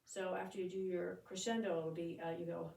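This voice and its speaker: A woman's voice: on the low side, little pitch movement, a little fast, creaky, mellow, far from the mic. A woman teaching a drum part, explaining each section and chanting the drum syllables and counts aloud. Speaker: drumming instructor. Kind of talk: step-by-step music lesson. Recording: echoey room, voice off-mic.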